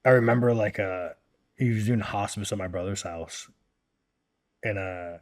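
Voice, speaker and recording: A somewhat low-pitched man in his thirties, talking as a guest in a casual long-form interview. He swears constantly and speaks bluntly, rambling through his points with plenty of "like" and "you know.". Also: moderate pace. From United States. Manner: blunt and heavily profane, rambling with fillers. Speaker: podcast guest.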